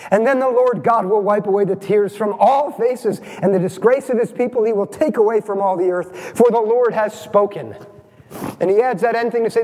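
A male pastor with a high voice delivers a sermon in a church sanctuary. He keeps the congregation involved, checking in with quick questions, and his words ring out with a long reverb through the hall. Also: a little mellow. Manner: engaging, asks the congregation questions.

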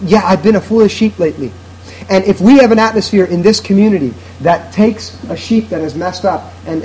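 A man with a notably high voice preaches a sermon, earnest and emphatic, building each point through repetition. A faint hiss of noise sits under the recording. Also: a little mellow, poor audio. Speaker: pastor.

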